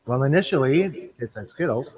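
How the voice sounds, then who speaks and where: A man's voice: mid-range voice, animated, normal speed, a little mellow, slightly rough, no room sound, low-quality recording. A man hosting a casual live stream, taste-testing candy and talking between mouthfuls. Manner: eats candy on camera, apologizes for chewing.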